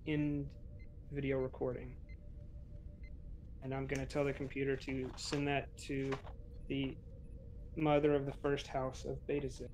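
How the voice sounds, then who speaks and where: A man's voice: medium pitch, completely flat delivery, normal speed, a little mellow, a little hiss or hum, low-quality recording. A man playing in a tabletop game, casually explaining what his character does. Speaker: player.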